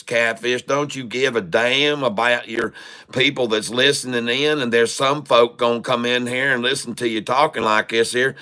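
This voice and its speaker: A man with a drawl rambles through casual livestream commentary on stock trading. His voice is bright and forward, and his humor is folksy and crude, broken up by easy chuckles. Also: medium pitch, smooth.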